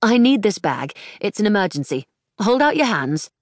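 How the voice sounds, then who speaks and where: Brief: commanding, level-headed young woman, voiced by the female narrator, steady and crisp. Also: sits low, no echo, studio quality. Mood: urgent. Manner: calm, bracing, brisk.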